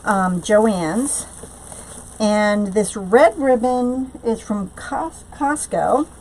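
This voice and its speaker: A woman with a slightly high voice hosts a live-streamed craft tutorial from home, recorded with poor audio. She chats loosely, answers viewers' comments aloud, and often trails off into fillers and restarts.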